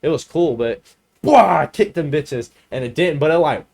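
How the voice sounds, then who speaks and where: A man's voice: a little high, a little fast, a crowd in the background. A man in his twenties, a podcast co-host, telling rambling, profane stories in casual chat and laughing often.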